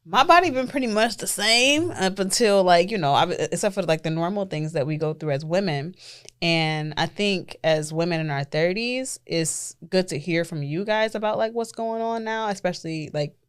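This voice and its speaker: Thirties woman, low voice, podcast co-host, rambling filler-heavy casual talk. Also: expressive, moderate pace, clean tone. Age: 30s. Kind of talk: casual chat.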